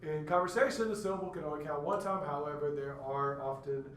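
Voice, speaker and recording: A man's voice: a little high, quick pace, fairly bright tone, a little hiss or hum. A man giving a classroom lecture, explaining step by step and acting out stuttered words to demonstrate. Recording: echoey room, mic far off.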